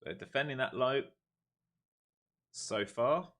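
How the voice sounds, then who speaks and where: A man streaming his day trading live, talking through charts calmly and then groaning and swearing at the market when it moves against him. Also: medium pitch, slow. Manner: swings from calm chart talk to exasperated outbursts at the market.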